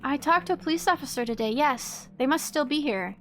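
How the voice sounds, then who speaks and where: A woman's voice: animated, brisk. A woman voicing an anxious young woman who pleads with her friends to stop fighting, while reading game dialogue aloud. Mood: pleading. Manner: pleading, higher and gentler.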